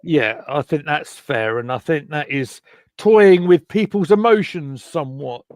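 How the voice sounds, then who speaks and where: A man hosting a casual football chat stream over a video call, chatty and excitable, with lots of stumbling restarts. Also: a little high, a little slow, no room sound, clean studio sound. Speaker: host. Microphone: home computer mic on a video call.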